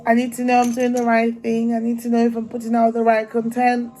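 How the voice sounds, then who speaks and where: A woman's voice: a little high, monotone, a little fast, dark tone, rough recording. A young woman from Africa with an African accent, chatting casually and animatedly to her vlog viewers and laughing often. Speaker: vlogger.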